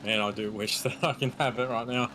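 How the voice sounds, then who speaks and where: A man's voice: mid-range voice, fairly quick, slight background noise. A man co-commentating a sim-drifting final with easy banter. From Australia. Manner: laughing, relaxed banter, then driving play-by-play.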